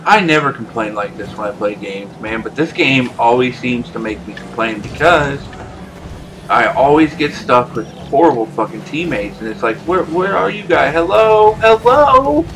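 A man talking over his own gameplay in a loose, chatty way, swearing freely and yelling at his teammates. His voice sits at an ordinary pitch. Faint game sound runs underneath. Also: moderate pace, background noise. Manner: ranting, swears a lot, yells at teammates. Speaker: gameplay streamer. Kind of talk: casual gameplay commentary.

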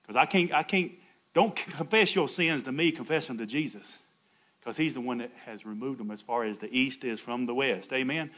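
A male pastor preaching a sermon, swinging from loud, high exclamations to soft, low asides and chuckling between points. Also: fairly quick. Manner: call-and-response preaching, laughs between points.

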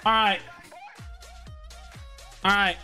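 A man commentating a game on a live stream, laughing and swearing in loud outbursts. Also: high voice, level tone, drawn-out words, soft background music.

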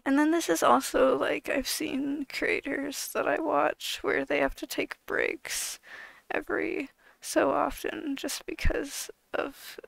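Woman YouTuber, casual rant, exasperated, swears a lot, heavy vocal fry, very dry close sound. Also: sits high, little pitch movement, slow, dry recording, low-quality recording.

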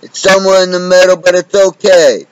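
A man's voice: high voice, level tone, brisk, clean tone, no room sound, rough recording. A man from the United States delivering an unscripted, combative monologue full of profanity. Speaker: vlogger.

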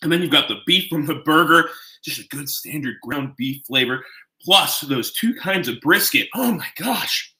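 A man hosting a casual live cooking stream, chatting with his viewers in a rambling way and gushing with excitement as he eats and talks. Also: fairly high pitch, moderate pace. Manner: gushing with excitement while tasting. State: eating while talking. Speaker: home cook streaming live. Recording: roomy, echoing room sound.

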